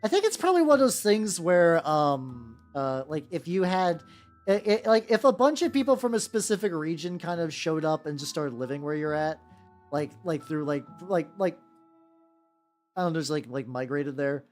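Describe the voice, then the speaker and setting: Rambling, animated VTuber streamer. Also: mid-range voice, normal speed, soft background music. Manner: rambling, many "like"s and restarts, jokey. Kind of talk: casual chat while painting miniatures.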